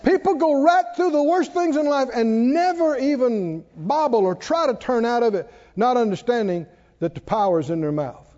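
A man preaches with a strikingly high, lively voice, switching into mock worried voices. His sermon rings through a church with a long reverb. The recording sounds dull and lo-fi. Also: moderate pace. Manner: animated, mimics worried voices and laughs. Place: church sanctuary.

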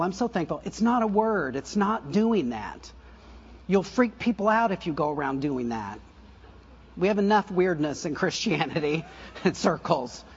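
An older man preaching a conversational sermon, full of asides and self-corrections and soft laughs at his own stories. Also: sits high, breathy edge, muffled recording. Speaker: pastor.

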